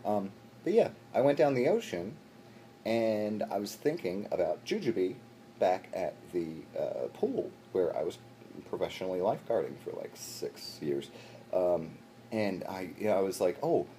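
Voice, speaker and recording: A man's voice: fairly low pitch, warm tone, slight background noise. A young man hosting his show, telling a rambling comic story with self-deprecating asides to a silent companion. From Baltimore, USA. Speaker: show host.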